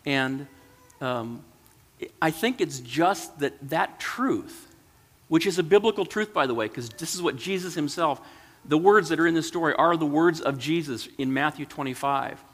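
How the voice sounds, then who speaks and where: A man's voice: a little high, lively intonation, moderate pace, a bit bright. A man reading a children's story aloud and reflecting on it in an earnest, emotional way. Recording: long hall reverb.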